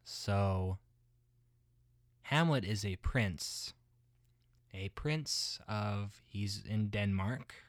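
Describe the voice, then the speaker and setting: A man playing a muddled everyday guy who rambles haltingly, full of restarts and filler words. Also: on the low side, no room sound.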